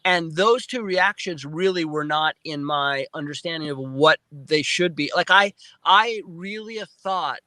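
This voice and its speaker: A male guest on a live interview recounting a personal experience in animated storytelling, restarting and repeating words often and acting out his own remembered speech. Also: on the high side, unhurried, hardly any pauses, no room sound, rough recording. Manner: excited retelling with frequent restarts and repeated words; acts out his own past speech in quotes. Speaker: guest, film producer.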